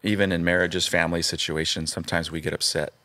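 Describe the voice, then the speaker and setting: A man's voice: deep voice, quick pace. A man in his fifties, a pastor and guest, telling stories in a casual interview and acting out the dialogue as he goes. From California. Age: 50s. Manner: animated storyteller, acts out dialogue.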